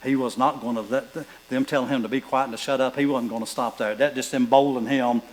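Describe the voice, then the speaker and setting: A male pastor preaching a sermon, reading scripture aloud and building to fervent, loud passages. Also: medium pitch, steady tone, fairly quick, a little hiss or hum, poor audio.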